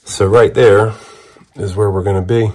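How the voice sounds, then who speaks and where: A man's voice: on the low side, steady tone, normal speed, darkish tone, slight background noise. A man narrating his truck project in a casual DIY video, with a folksy showman greeting and running commentary on the work. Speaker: truck vlogger.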